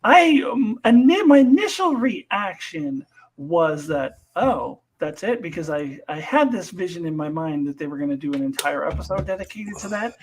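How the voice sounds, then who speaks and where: A man chatting casually about a TV episode, enthusiastic and quick to laugh, often restarting his sentences. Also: on the high side, lively intonation, rough recording. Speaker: co-host of a TV discussion. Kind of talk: casual chat reviewing a TV episode.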